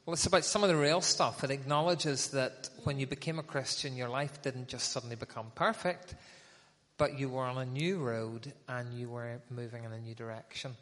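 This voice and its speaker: Man, interviewer on a Christian program, measured and explanatory, long hall reverb. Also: medium pitch, fairly even intonation, a bit bright. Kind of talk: introducing songs on a Christian program.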